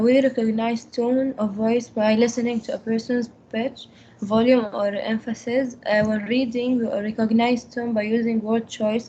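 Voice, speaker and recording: Flat-voiced girl student reading aloud. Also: a little high. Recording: dull lo-fi recording with faint background noise.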